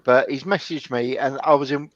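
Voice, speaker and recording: A man's voice: mid-range voice, steady tone, normal speed, a bit bright, no room sound, muffled recording. A man hosting a casual chat with a dry, sardonic way of talking.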